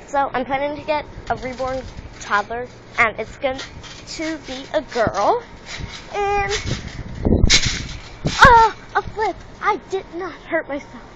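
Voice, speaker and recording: Hyper, giggly high-voiced girl vlogging. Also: measured pace, muffled recording, noisy background. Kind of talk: rambling casual vlog. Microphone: handheld phone.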